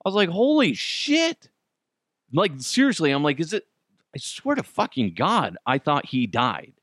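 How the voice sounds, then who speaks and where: A man's voice: fairly high pitch, huge pitch swings, normal speed, fairly bright tone, no room sound, clean studio sound. Ranting, foul-mouthed podcast host, man. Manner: ranting, swears a lot, laughs. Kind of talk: casual profane monologue.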